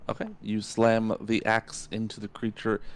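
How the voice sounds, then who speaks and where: A man runs a tabletop game, calmly describing blows landing with plenty of ums and uhs. His voice sits low. A faint noise runs under the recording. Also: normal speed. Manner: relaxed, descriptive narration with fillers. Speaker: game master.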